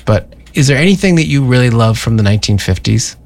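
A man's voice: medium pitch, lively intonation, fast talker. A man hosting a casual radio show from a studio, chatting in a rambling way with many restarts. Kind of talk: casual on-air chat.

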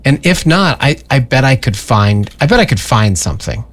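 A man's voice: mid-range voice, sing-song, moderate pace. A man hosting a casual radio show from a studio, chatting in a rambling way with many restarts. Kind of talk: casual on-air chat.

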